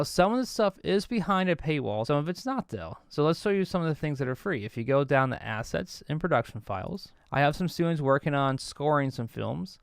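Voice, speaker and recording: A man teaching as a guest professor, walking through a software tool in a relaxed, explanatory way. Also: fairly high pitch, creaky, clean tone, no echo, studio quality. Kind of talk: tutorial walkthrough.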